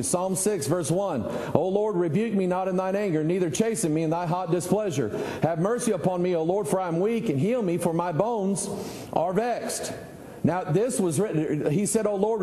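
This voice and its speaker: Folksy pastor in echoing hall. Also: male voice, high-pitched, dark tone. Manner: folksy, conversational preaching with rhetorical questions. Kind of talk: sermon.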